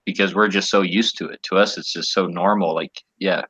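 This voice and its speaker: A man's voice: deep voice, steady tone, a little fast, a bit bright, breathy edge, no room sound. A man guest in a casual chat, speaking thoughtfully with hesitant fillers. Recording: dull lo-fi audio.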